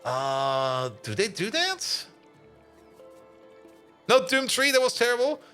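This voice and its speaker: Chatty, high-voiced male game streamer. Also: very animated, takes it slowly, sharp tone, smooth, soft background music. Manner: chatty, laughs often, greets chat viewers. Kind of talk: casual live-stream chat.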